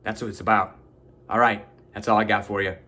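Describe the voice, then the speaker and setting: A man's voice: lowish voice, little pitch movement, fairly quick, pushed and bright. A man giving an earnest, preachy motivational self-help talk, swearing casually. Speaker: motivational vlogger.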